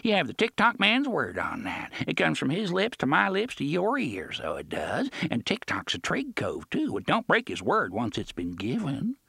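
A man's voice: on the high side, huge pitch swings, moderate pace, vocal fry, few pauses, sharp tone, husky, no room sound, studio quality, voice pushed up, heavily acted. A man voicing a dying, ragged old male pirate who talks in thick slang, friendly and threatening at once. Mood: gleeful wheedling. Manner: thick slangy speech, chummy yet threatening.

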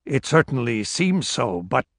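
A man reading a calm, matter-of-fact male team leader who speaks in measured tones. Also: medium pitch, gravelly, no echo, studio quality.

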